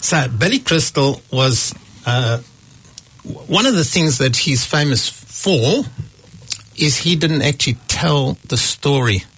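A man in a casual debate about comedy, telling jokes with animated asides. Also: mid-range voice, slow, husky.

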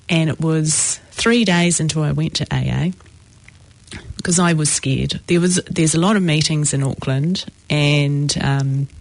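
A woman telling her own recovery story in a reflective, halting way with many pauses. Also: sits low, no echo. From New Zealand. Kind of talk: personal testimony.

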